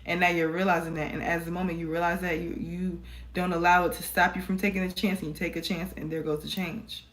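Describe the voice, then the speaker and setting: A tarot reader films herself on a phone camera, giving viewers a casual, encouraging reading and addressing them as y'all. She speaks fast with a flat delivery in a fairly low voice.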